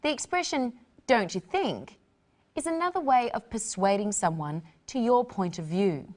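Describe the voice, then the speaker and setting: A woman presenting an English lesson, explaining words slowly in a scripted teaching style. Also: a little high, expressive, a little mellow. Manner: slow, explanatory.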